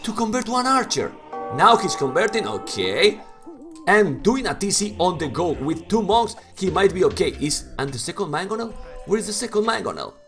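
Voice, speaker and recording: A man with a Spanish first language casting a strategy game live in broken English, getting excited and shouting at big plays. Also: high voice, normal speed, soft background music. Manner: non-native English with broken grammar. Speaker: game caster. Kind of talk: live esports commentary.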